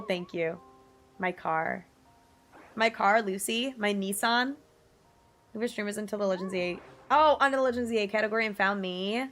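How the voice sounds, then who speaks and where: A young woman in her twenties streaming, chatting casually with viewers in a bubbly, giggly way, her pitch jumping up often. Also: fairly bright tone. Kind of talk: casual livestream chat reading viewer messages. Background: faint music.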